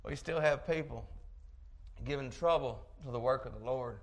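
A man preaching a sermon, telling a story in an animated way with chuckling asides. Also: medium pitch, moderate pace.

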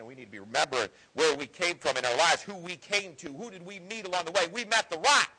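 A middle-aged man preaching a fervent sermon, swinging from loud exhortation to hushed personal storytelling. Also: a little high, breathy edge, rough recording.

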